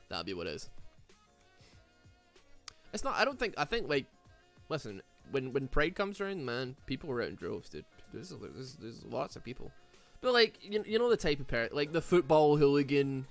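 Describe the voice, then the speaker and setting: A young Glaswegian man from Glasgow, Scotland, streams while gaming, chatting casually and rambling with plenty of "like," "man," and "dude." His mid-range voice has a slightly bright quality.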